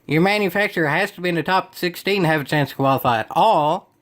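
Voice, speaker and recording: Young man, somewhat high voice, sarcastic, rambling commentary on a web page. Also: fast, fairly bright tone. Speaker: gaming video creator.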